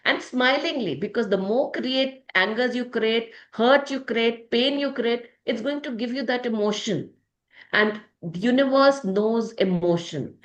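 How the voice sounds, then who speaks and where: A woman's voice: on the high side, measured pace, echoey room. A woman leading a motivational group session, emotional and speaking to members by name. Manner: emotional, addresses listeners by name. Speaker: positivity group leader.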